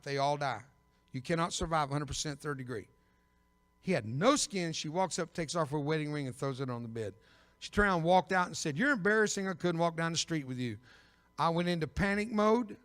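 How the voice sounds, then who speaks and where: An older man preaching a personal testimony sermon as an evangelist, telling his story with bursts of loud emphasis and dry humor. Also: fairly high pitch. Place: church sanctuary. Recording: long reverb of a big church.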